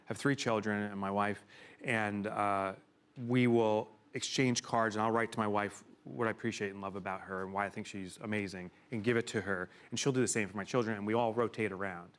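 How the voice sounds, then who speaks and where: A middle-aged man giving a keynote to a live audience in a room, telling a personal story with emotion and sudden loud exclamations. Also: lowish voice, fairly even intonation, a little fast, clear, resonant tone. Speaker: keynote speaker.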